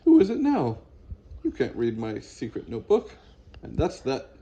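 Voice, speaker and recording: A grumpy, fussy storybook camper voiced by a man reading aloud, swinging from huffy yelps to weary grumbles. His voice leaps up and down and carries a gravelly edge. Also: medium pitch, very animated, moderate pace, mellow, muffled recording, a little hiss or hum. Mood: startled, huffy. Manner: exasperated, huffy exclamations. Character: fussy grumpy male camper who loves quiet.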